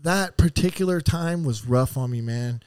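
A man telling rough stories as a podcast guest, casual and full of swearing, rambling and acting out what people said. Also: mid-range voice, normal speed, a little mellow, no echo, clean studio sound. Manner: profane, rambling, acts out quotes. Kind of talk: casual storytelling.

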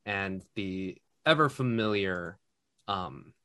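Dude running a tabletop game, talks slow and meanders, pauses a lot. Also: male voice, sits low. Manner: relaxed, meandering, halting. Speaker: game master.

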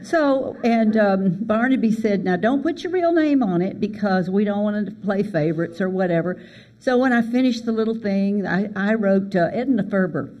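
An older woman from Alabama, telling an animated story as a guest speaker at a writers conference. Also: medium pitch, normal speed, lo-fi sound, slight background noise. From Alabama, USA. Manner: animated storyteller, acts out quoted voices. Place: conference hall.

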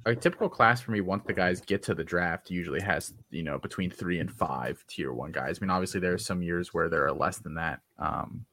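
A man's voice: low voice, brisk, hardly any pauses, bright, forceful tone, slight background noise. A man on a podcast panel giving blunt, opinionated takes in a casual discussion, often hedging with "you know".

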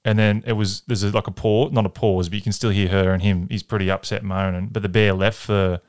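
A man's voice: fairly low pitch, steady tone, a little fast, clean tone. A man, co-hosting a podcast, telling a grim story in a rambling, jokey way. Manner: rambling, jokey retelling with acted quotes. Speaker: podcast co-host. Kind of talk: casual chat, storytelling.

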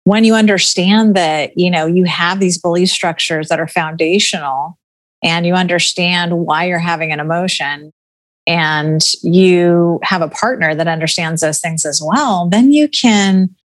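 A woman's voice: on the low side, a little slow. A middle-aged woman talking casually as a guest, chatty and laughing often, full of filler words. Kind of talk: casual podcast conversation.

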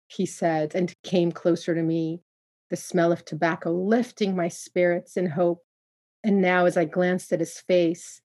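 Low-voiced woman reading a dark tale. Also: breathy edge. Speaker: narrator. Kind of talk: first-person story narration.

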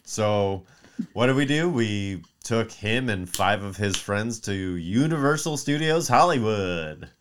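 A man in his thirties, a podcast co-host, telling a long story in casual chat, animated and profane, acting out quotes. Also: lowish voice, slow, slight background noise. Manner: mimics voices in quotes.

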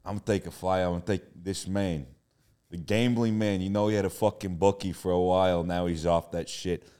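A man's voice: sits low, fairly even intonation, a little fast, dark tone, clean tone. A young man in casual podcast banter, brash and swearing freely. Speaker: podcast co-host. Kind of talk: casual chat.

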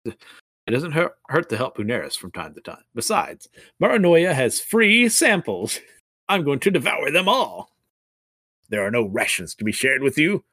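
A man playing a greedy, puffed-up wicked god who brags about himself, with lively swings in his pitch. The voice sounds dry and close to the mic. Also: normal speed, slightly rough, no room sound, heavily acted. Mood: smug. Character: gluttonous haughty male wicked god.

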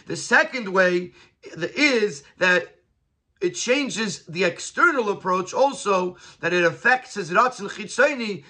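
A man's voice: high voice, sharp tone. A man teaching a Torah class, quoting Hebrew and Yiddish phrases and then explaining them in English.

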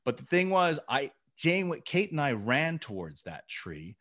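A middle-aged man co-hosting a podcast, telling animated behind-the-scenes stories in casual chat. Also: fairly high pitch, moderate pace. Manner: animated storytelling, acting out scenes. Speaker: podcast co-host.

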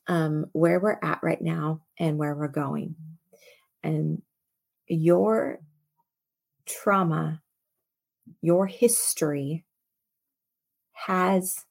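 A woman's voice: low voice, vocal fry, a little mellow. A woman preacher hosting her show, speaking with emphasis and repeating key phrases for stress, then reading scripture aloud.

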